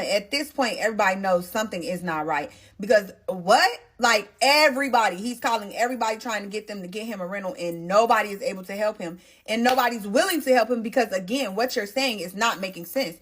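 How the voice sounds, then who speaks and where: Young woman, mid-pitched, emotional casual storyteller who keeps turning to the viewers. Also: a little fast. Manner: emotional, animated, talks straight to viewers.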